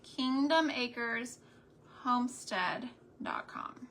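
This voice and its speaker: Her voice is on the high side, expressive and fairly bright as this New Mexico woman, lightly Texan in accent, talks while painting for her homesteading channel. The chat is casual and folksy, slow and drawn out.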